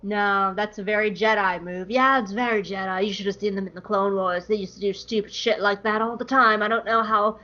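A woman's voice: mid-range voice, fairly even intonation, a little fast, hardly any pauses, pushed and bright, natural voice. A woman voicing two jaded male soldiers who comment in a dry, wry way. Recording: dull lo-fi podcast audio.

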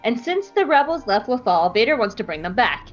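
A woman's voice: fairly high pitch, very animated, a little fast, dull audio, faint music behind. A woman hosting a podcast who recaps an episode in a playful, giggly, casual way. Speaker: podcast host.

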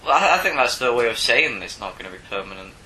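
A podcast co-host who gives dry, short replies and often stumbles into restarts. His voice sits at an ordinary pitch with a very bright, sharp edge. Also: expressive, quick pace, rough recording. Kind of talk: casual chat.

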